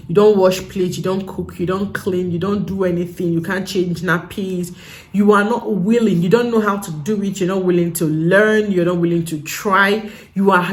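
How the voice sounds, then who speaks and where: A young adult woman with a Nigerian English accent and a fairly low voice offers casual advice in a vlog. She hammers her points home by repeating them emphatically.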